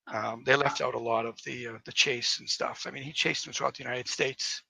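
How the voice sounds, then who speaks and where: A man's voice: mid-range voice, little pitch movement, brisk, creaky, background noise. A man who is an author, guest in a casual interview, telling his story in a rambling, enthusiastic way.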